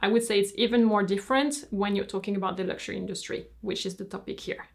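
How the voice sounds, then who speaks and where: A woman with a French accent talks through a review in English. Her voice sits at a middling pitch, and she explains her points in a measured, frank way, like a host speaking to her regular viewers. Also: steady tone, creaky. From France. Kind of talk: opinionated review commentary.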